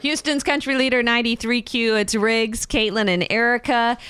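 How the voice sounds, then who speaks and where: Smooth-voiced woman radio host. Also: a little high, steady tone, moderate pace, fairly bright tone, faint music behind. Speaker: radio morning show host. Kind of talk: radio chat.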